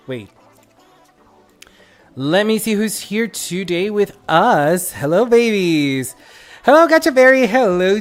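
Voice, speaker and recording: Brief: excitable stream host, a little under the weather, middle pitch, soft music underneath. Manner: excitable, gushing, greets viewers by name. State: a little sick. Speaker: live streamer greeting chat. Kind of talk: casual live stream chat.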